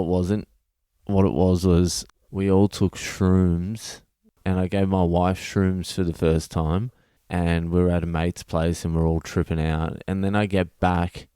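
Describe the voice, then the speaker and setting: A deep-voiced Australian man rambles through a blunt, sweary story, his voice smooth and resonant. The sound is dry and close with no room around it. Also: warm tone, dry recording. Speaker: comedian podcast host. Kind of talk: casual storytelling monologue.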